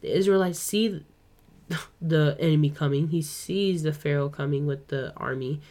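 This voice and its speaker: A young woman hosting a podcast, talking through a Bible story in a casual, chatty way with quick asides. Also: low-pitched, warm tone. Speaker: podcast host.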